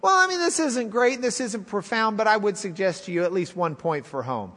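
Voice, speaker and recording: A man's voice: sits high, animated, fairly quick, bright, forceful tone, in a large hall. A male preacher retelling a story in a folksy, wry, conversational sermon.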